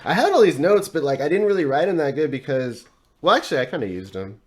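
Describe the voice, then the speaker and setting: A man's voice: on the high side, big pitch swings, fast talker. A man hosting a podcast, retelling a story casually in a rambling, profane way, with many fillers and frequent chuckles. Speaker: podcast host.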